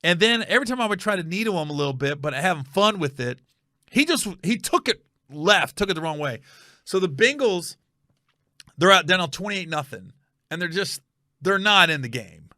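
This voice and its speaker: This middle-aged comedian and podcast host chats casually through his stories, bringing them to life by performing each character's voice. He talks at a normal speed in a high-sitting voice, captured cleanly in a studio without echo.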